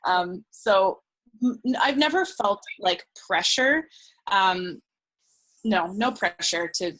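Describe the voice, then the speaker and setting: A woman's voice: medium pitch, expressive, slow, a bit bright. A young woman speaking as an interview guest in casual conversation, chatty and laughing often, acting out what other people say. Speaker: guest researcher.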